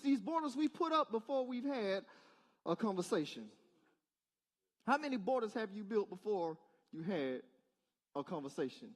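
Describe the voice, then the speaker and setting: High-voiced pastor preaching casually. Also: male voice. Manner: casual, talks directly to the crowd with rhetorical questions. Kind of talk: conversational sermon. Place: church service.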